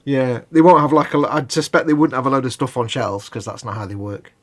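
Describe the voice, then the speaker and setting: A man's voice: medium pitch, steady tone, quick pace. A man co-hosting a live hobby stream, explaining at length in a rambling, casual way with hedges and restarts. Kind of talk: casual chat.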